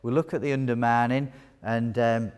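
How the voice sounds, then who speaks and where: A man's voice: mid-range voice, fairly even intonation, normal speed, darkish tone, clean tone. Chatty man teaching a hall. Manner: chatty, jokey, quizzes the audience. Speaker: wound care nurse presenter. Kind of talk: live conference teaching talk. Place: large hall with audience. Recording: long hall reverb.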